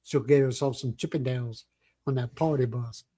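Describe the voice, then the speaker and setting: A man's voice: medium pitch, fairly even intonation, normal speed, warm tone, husky. An older man hosting a casual livestream chat, telling rambling stories and joking with viewers. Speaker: livestream host.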